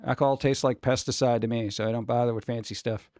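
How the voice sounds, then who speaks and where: A man's voice: mid-range voice, fairly even intonation, fast, darkish tone, no echo. A man hosting a livestream in casual chat, rambling, swearing casually and reading news aloud. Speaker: streamer host.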